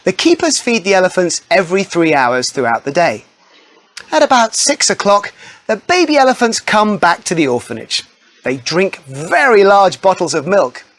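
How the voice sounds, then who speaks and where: Male narrator for a kids' read-along, friendly and animated, slightly high voice. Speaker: storybook narrator. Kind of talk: scripted children's story narration.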